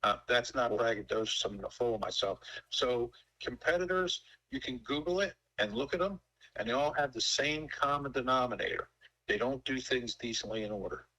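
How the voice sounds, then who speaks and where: A man's voice: medium pitch, moderate pace, bright, forceful tone, rough recording. A man in his sixties who owns a pool company, talking casually and emphatically in a folksy, storytelling way. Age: 60s. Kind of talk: casual sales call.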